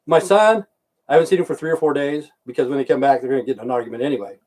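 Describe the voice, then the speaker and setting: A man's voice: medium pitch, very fast, a little mellow. Profane, ranting American man. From United States. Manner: profane, repetitive, heated. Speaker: vlogger. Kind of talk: angry ranting monologue.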